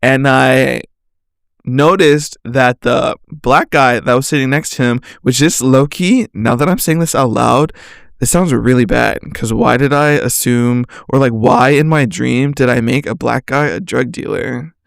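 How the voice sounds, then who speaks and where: Young guy w a creaky voice rambling on his podcast, tons of "like"s, slangy, dry close sound. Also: mid-range voice, dry recording. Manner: rambling, slangy, full of "like" fillers, quick to laugh at himself. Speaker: podcast host. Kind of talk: rambling solo podcast chat.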